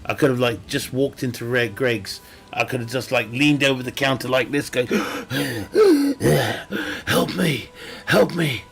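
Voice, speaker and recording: A man's voice: mid-range voice, lively intonation, unhurried, gravelly, husky. A young man chatting casually while streaming a game, rambling and joking with frequent laughter. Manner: rambling, jokey, laughs often. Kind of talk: casual chat while gaming.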